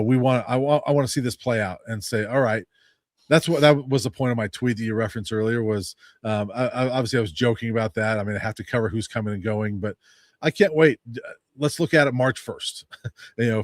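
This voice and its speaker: Measured male beat writer, dry sound. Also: mid-range voice, no echo. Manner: measured, explanatory, many fillers. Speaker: college football beat writer, guest. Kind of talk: sports analysis, casual.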